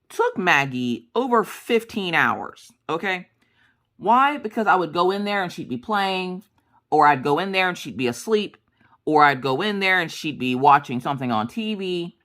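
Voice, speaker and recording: A woman's voice: lowish voice, big pitch swings, measured pace, fairly bright tone. A woman in her thirties chatting casually while she crafts, rambling through family stories and acting out the dialogue. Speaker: crafting vlogger.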